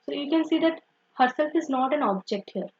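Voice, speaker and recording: A woman's voice: high voice, lively intonation, fairly quick, muffled recording. A woman teaching an online grammar lesson, explaining step by step and often saying "simple" and "okay".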